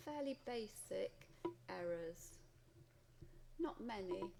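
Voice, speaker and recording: A female English teacher with a Welsh English accent works through a pupil's story, reading passages aloud and then commenting on them. Her voice is gravelly and sits at a middle pitch. There is a steady hiss of noise in the recording. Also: normal speed. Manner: reads student text aloud then comments. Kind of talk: marking a student essay aloud.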